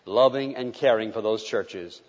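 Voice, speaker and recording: A man preaching a sermon with passion, moving between emphatic declarations and hushed, tender passages. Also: fairly low pitch, a little slow. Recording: dull lo-fi recording with long hall reverb.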